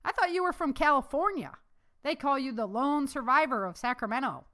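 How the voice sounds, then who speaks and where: A woman's voice: sits high, expressive, brisk, pushed and bright, pitched above the performer's own voice. A woman voicing a sarcastic, jesting male ex-Marine in a storybook reading. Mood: wry jesting. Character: wry, sarcastic male ex-Marine security man.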